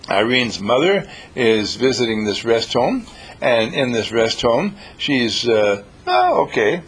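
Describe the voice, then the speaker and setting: A man giving an inspirational talk, telling stories in an animated, emphatic way and repeating his key lines. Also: mid-range voice, takes it slowly, slightly rough. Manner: animated, repetitive, emphatic storyteller. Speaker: speaker.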